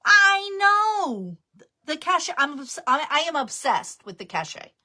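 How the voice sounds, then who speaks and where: A woman with a New Jersey accent talks casually on a live stream, chatty and quick to laugh at herself. Her voice sits high and sounds bright. She comes across as a friendly seller sharing tips. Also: sing-song. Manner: chatty, laughing, self-deprecating. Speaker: jewelry business guest speaker.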